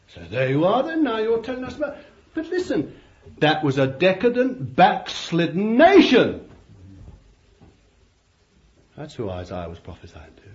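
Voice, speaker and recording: An Englishman preaching a sermon with fervour, swinging from loud exhortation to quiet asides. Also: high voice, sing-song, moderate pace, long pauses. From England. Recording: dull lo-fi recording with faint hiss.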